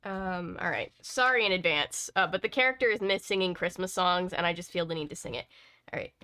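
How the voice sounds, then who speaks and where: A woman reads a novel aloud at home, casual and unhurried. She keeps breaking off for chatty, self-mocking asides before picking the story back up. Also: lowish voice, pushed and bright. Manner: chatty, laughs at herself, digresses often. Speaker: book-reading channel host. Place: home editing room.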